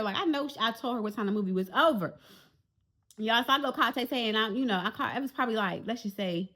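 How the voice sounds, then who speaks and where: A woman, telling an animated storytime straight to her viewers. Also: on the high side, quick pace. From Jacksonville, Florida. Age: 40s. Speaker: vlogger. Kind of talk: storytime vlog.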